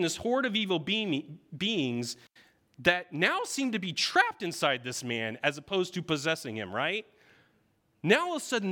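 A man with a bright, forceful voice, pitched a touch high, preaches a sermon. He tells the story in vivid, dramatic strokes and keeps checking in with his listeners with a quick "right?".

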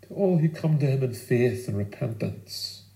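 Earnest preacher in an echoey room. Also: male voice, medium pitch, expressive, vocal fry, mellow. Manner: earnest, emphatic preaching with pauses. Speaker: pastor. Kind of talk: sermon.

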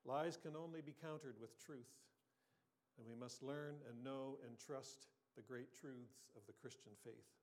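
A man's voice: medium pitch, measured pace, a little mellow. A man preaching a sermon in an earnest, conversational way, asking his listeners questions and sometimes restarting his sentences. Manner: occasional restarts and throat clearing. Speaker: pastor.

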